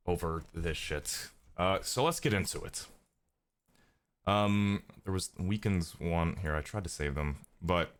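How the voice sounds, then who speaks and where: A man with a low voice, a bit raspy because he is sick, talks to his stream audience. His frustrated commentary is full of swearing and keeps climbing into heated outbursts. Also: a bit bright.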